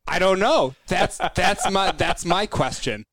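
A man co-hosting a casual podcast, talking bluntly with lots of swearing and animated rants. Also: high voice, measured pace, no room sound. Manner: blunt, profane, animated ranting. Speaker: podcast co-host. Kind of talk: casual chat.

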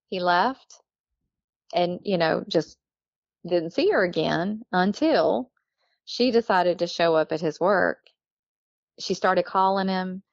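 Gravelly low-voiced woman telling a story. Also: no room sound, highs cut off. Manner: chatty, laughs often, acts out quoted people. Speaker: guest telling her story. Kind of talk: casual storytelling.

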